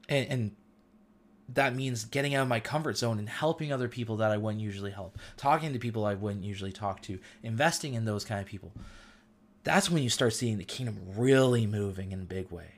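A man's voice: lowish voice, fairly quick. A middle-aged man hosting a casual faith talk, speaking earnestly and with feeling, using loose everyday slang. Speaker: host.

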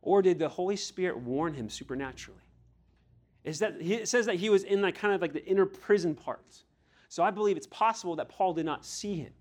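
A man's voice: high voice, a little fast, a little mellow. A man preaching a sermon to a youth group as their pastor, earnest and direct, pressing his listeners with blunt questions and now and then acting out the voices in scripture.

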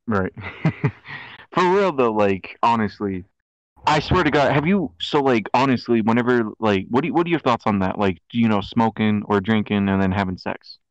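A man's voice: lowish voice, normal speed, no echo. A young man hosting a casual podcast chat, rambling with lots of fillers and laughing often. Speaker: podcast host. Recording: dull lo-fi dry sound.

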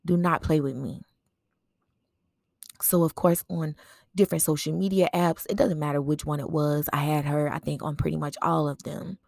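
A woman's voice: low voice, fairly even intonation, moderate pace, vocal fry, darkish tone, dry recording, clean studio sound. A woman hosting a podcast, telling a personal memorial story in a conversational way and often checking in with "right?". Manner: reflective storytelling with fillers. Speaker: podcast host.

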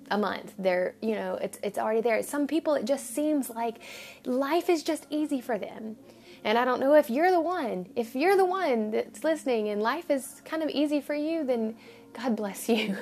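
A woman's voice: medium pitch, darkish tone. A woman giving an informal devotional talk to listeners, earnest and rambling, with frequent restarts, at times dropping to a near whisper. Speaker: devotional podcast speaker.

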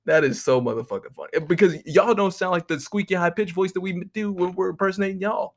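Profane, rambling young man, higher voice. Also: fast talker. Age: young adult. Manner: profane, rambling, laughs often. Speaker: vlogger. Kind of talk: casual rambling monologue.

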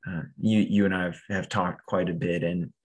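A man hosting an interview, speaking gently and hesitantly, with many restarts. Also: deep voice, steady tone, normal speed, husky. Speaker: podcast host. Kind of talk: supportive interview chat.

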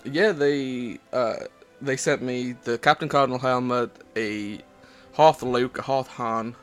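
A man's voice: medium pitch, fairly even intonation, slow pace, smooth. Man, Welsh accent, casual podcast co-host, headset mic, hesitant and rambling, faint music behind. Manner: rambling, hesitant, many fillers.

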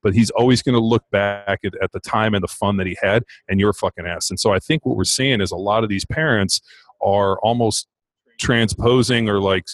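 A man's voice: lowish voice, steady tone, normal speed, no room sound, poor audio. A man in casual podcast chat, telling rambling stories full of swearing and fillers. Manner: rambling storyteller, heavy swearing, many fillers.

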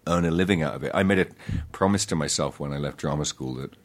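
Man, very low voice, casual interview chat, halting speech, self-deprecating, frequent restarts. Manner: laughs between thoughts. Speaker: actor guest.

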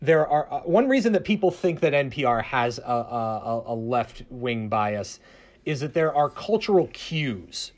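Halting man explaining media bias. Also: mid-range voice, lively intonation. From American South. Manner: hesitant, many restarts and fillers. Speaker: public radio journalist guest. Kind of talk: casual panel discussion.

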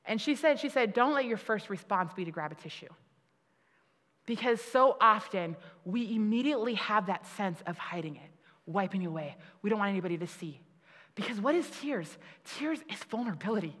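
A woman's voice: mid-range voice, lively intonation, fairly quick, fairly bright tone. A woman giving a conversational sermon, laughing at herself and restarting her sentences often, with many fillers. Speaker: preacher. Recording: long hall reverb.

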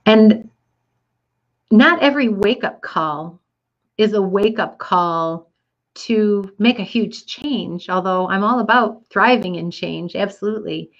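A woman's voice: medium pitch, slow, highs cut off. A woman telling her listeners a personal story in an earnest, reflective way, with frequent fillers. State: getting teary.

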